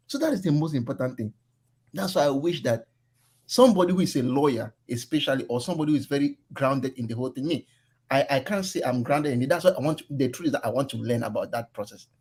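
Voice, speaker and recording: A man's voice: on the high side, darkish tone, slightly rough. A man with a Nigerian accent speaking earnestly and persuasively on an online group call, mixing in pidgin. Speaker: call-in participant. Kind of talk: casual online group discussion.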